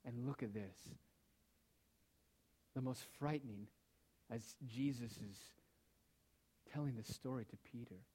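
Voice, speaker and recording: A man preaching a sermon who speaks with emphasis, asks pointed rhetorical questions and lets his phrases trail off softly. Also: medium pitch, slow, pauses often, breathy edge.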